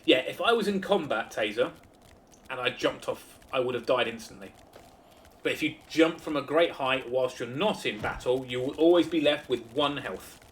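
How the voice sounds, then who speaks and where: A man's voice: medium pitch, lively intonation, normal speed, a little hiss or hum. Joking man streaming a game. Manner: chatty, joking, swears for laughs. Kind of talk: casual gameplay commentary.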